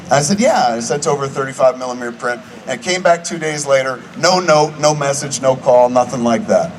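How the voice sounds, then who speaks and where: A man's voice: medium pitch, a little fast. A man in his forties telling a profane, chatty anecdote to a live audience at a film screening. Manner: profane, chatty, acts out both sides of conversations. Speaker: guest speaker at a film screening. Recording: distant mic in a noisy venue.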